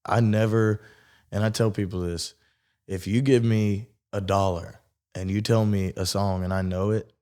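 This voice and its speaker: A man's voice: on the low side, steady tone, normal speed, darkish tone, clean tone. A man, co-hosting a casual podcast, talking bluntly and profanely about life as a musician. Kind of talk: casual chat.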